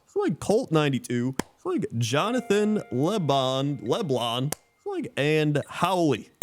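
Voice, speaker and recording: Male streamer, animated delivery with swooping pitch, laughs between bits, casual chat. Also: unhurried, faint music behind. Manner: animated, laughing, reading out usernames.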